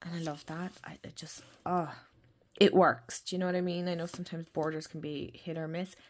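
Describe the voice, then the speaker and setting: A woman's voice: deep voice, level tone, brisk, slight background noise. A woman with an Irish accent, chatting casually and gushing about oracle decks in a rambling way. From Ireland. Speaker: tarot and oracle deck channel host. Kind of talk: casual deck review chat.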